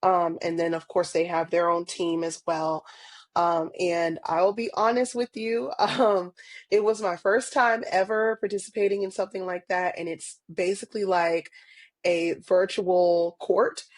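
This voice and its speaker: A woman's voice: lowish voice, flat delivery, measured pace, no room sound. A woman guest on a podcast interview, talking casually and earnestly with lots of ums and small laughs. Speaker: podcast guest, parent advocate.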